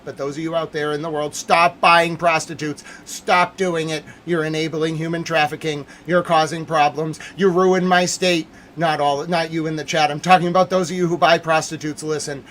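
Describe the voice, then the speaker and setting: A man hosting a livestream news commentary, hoarse from yelling, ranting loudly and repetitively, swinging between shouts and mutters. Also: a little high, slight background noise.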